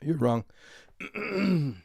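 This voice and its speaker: A man's voice: a little high, lively intonation, extremely slow, creaky, darkish tone, slightly rough, no room sound. Male streamer, tired and crude, rambling morning chat, dry close mic. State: tired, clearing his throat. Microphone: desk mic.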